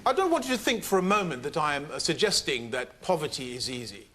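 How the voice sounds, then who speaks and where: A man giving a mock-grand comic speech in a debate, with a deadpan delivery. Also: fairly high pitch, fast talker, heavy background noise.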